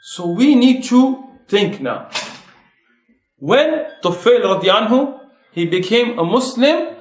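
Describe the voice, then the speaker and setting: Impassioned high-voiced male preacher, echoey hall. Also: very animated, measured pace, slight background noise. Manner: impassioned, rhetorical questions, rising emphasis. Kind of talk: sermon. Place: mosque prayer hall.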